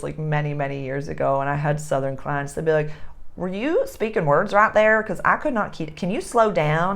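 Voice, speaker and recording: Woman astrologer, casual lesson, gravelly, lowish voice, repeats herself. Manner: chatty, repeats phrases.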